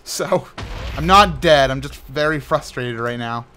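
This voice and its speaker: A young man doing casual, rambling gameplay commentary as a gaming YouTuber, frustrated and sometimes yelling at the game. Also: mid-range voice, slow pace, slight background noise.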